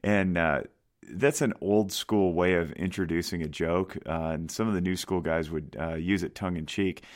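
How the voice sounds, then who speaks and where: Deep male podcast host and counselor, loose and self-mocking, many fillers. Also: moderate pace. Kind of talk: casual monologue.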